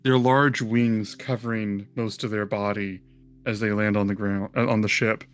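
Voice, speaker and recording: A man's voice: fairly low pitch, flat delivery, normal speed, clear, resonant tone. A man running a tabletop game as game master, narrating loosely with frequent ums and restarts. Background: soft background music.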